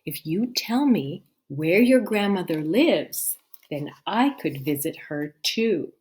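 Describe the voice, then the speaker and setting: A woman's voice: lowish voice, lively intonation, takes it slowly, a little mellow. A woman reading a storybook aloud, voicing a sly male wolf who coaxes a little girl off the path. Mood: coaxing. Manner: coaxing, persuasive.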